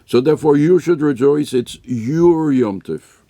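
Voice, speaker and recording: A man voicing a gentle, patient father who reassures his child slowly and softly. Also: on the high side, no echo, studio quality. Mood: tender.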